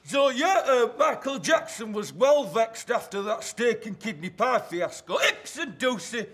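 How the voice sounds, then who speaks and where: A man's voice: extremely high pitch, lively intonation, a little slow, a bit bright, exaggerated voice. A man playing a cheeky young male singer, telling a jokey story in slang. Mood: cocky.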